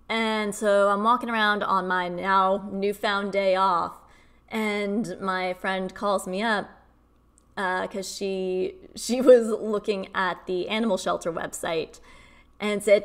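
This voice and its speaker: Gravelly chatty woman spiritual coach. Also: mid-range voice, steady tone, a little slow, fairly bright tone. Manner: chatty, lots of fillers. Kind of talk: casual spiritual teaching to camera.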